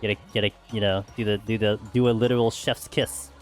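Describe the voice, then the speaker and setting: A man's voice: fairly low pitch, level tone, fast, faint music behind. A man streaming a game, chatting casually with friends in a loose, rambling way and laughing often. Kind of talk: casual chat while gaming.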